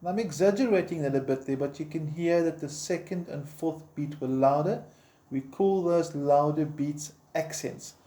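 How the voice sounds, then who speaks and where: Informal male guitar teacher, dark and mellow tone, slightly high voice, counts beats aloud, roomy echo. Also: normal speed. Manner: encouraging, informal. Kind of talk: step-by-step instruction. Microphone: camera framing the guitar.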